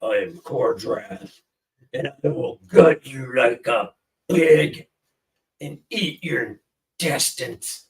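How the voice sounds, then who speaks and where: A man voicing a threatening male alien warrior who has a speech impediment, speaking slowly and menacingly. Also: medium pitch, expressive, creaky, distant mic, poor audio.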